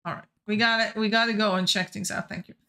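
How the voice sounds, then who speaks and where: Bright-voiced woman streaming a game. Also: medium pitch, fairly even intonation, fast, vocal fry. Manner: chatty, playful, thinking aloud. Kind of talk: live game stream commentary.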